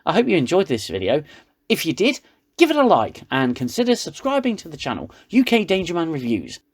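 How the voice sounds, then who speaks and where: A man's voice: a little high, huge pitch swings, fairly quick. A man giving a sarcastic, ranting comedic recap of a TV episode. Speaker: reviewer.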